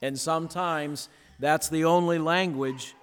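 A man preaching a sermon, pausing for effect and dropping to a near hush on key words, then building again. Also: on the high side, steady tone, smooth. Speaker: pastor. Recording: long hall reverb.

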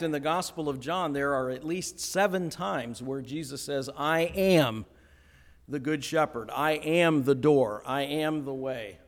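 A man delivers a sermon with lively energy and acts out the voices of the people he quotes. His voice sits a little high. The sound rings with the long reverb of a large hall. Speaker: pastor.

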